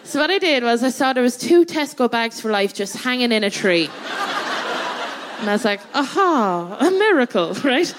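A woman's voice: fairly high pitch, moderate pace, noisy background. An Irish woman doing comic storytelling on stage, chatty and laughing through her own tale, checking in with "right?" as she goes. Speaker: comedian and guest co-host. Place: theatre stage before a live audience.

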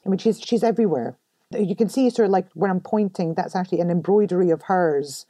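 Brief: middle-aged woman, podcast guest, mellow low voice, American accent with a light Scottish touch, candid and expressive, dry close sound. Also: a little fast, dry recording. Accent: American-tinged English with a light Scottish touch. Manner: candid and expressive, laughs often. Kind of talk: casual interview talk. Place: home room.

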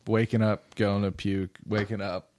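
A man's voice: fairly low pitch, little pitch movement, normal speed, darkish tone, no echo. A young man on a casual podcast, telling rambling, profane stories with bursts of laughter. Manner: loose, profane storytelling with laughs. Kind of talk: casual chat.

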